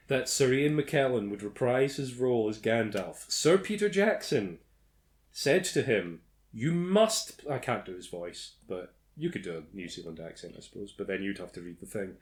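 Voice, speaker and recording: A man's voice: on the low side, animated, normal speed. Sweary sardonic man reading trivia. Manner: sweary, sardonic, exaggerated mock outrage. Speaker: podcast host reading film trivia. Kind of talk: casual movie commentary chat.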